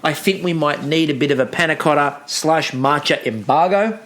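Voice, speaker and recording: A man co-hosting a casual comedy recap, telling stories in an animated, ranting way. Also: fairly high pitch, moderate pace, slight background noise. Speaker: podcast co-host.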